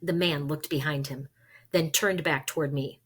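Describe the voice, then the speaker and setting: A woman reading a children's chapter book aloud, recapping gently before reading steadily and expressively. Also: low-pitched, fairly even intonation, moderate pace, slightly rough. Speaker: reader.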